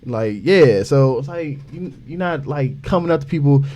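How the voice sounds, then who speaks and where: A young man on a casual podcast, ranting in an animated way and saying "like" a lot. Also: medium pitch, moderate pace. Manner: animated, ranting, heavy use of "like". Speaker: podcast co-host.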